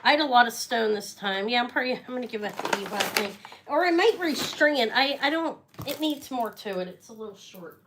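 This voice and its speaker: A woman's voice: on the high side, animated, a little fast, hardly any pauses, background noise. A middle-aged woman selling jewelry on a live stream, chatting casually and rambling with muttered asides. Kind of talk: casual live sales chat.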